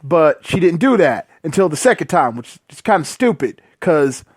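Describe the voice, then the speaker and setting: A man's voice: a little high, big pitch swings, moderate pace, breathy edge, no room sound, clean studio sound. A man giving a casual, profane, sarcastic movie review, exasperated and full of fillers. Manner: loose filler-heavy talk.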